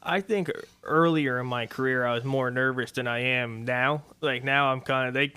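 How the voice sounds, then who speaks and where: A man in his twenties, a race car driver, answering questions in a relaxed, rambling way on a radio interview. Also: mid-range voice, moderate pace, smooth. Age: 20s. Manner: easygoing, rambling with fillers. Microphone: studio microphone.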